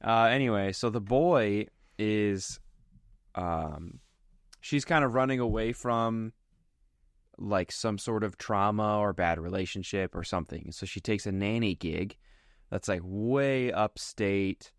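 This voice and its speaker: A man co-hosting a casual movie podcast, describing a film in a relaxed, chatty way. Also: fairly low pitch, slow, dry recording, clean studio sound. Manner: relaxed, chatty storytelling with many fillers. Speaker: podcast co-host. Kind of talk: casual chat.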